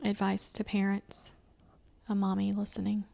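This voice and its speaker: A young woman hosts a relaxed family chat and tells stories with lots of energy. Her middle-range voice swings up and down as she acts out what people said. The talk is easy and conversational. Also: medium pitch, moderate pace, gravelly. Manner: animated storyteller, acting out quotes in sing-song voices. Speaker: podcast host.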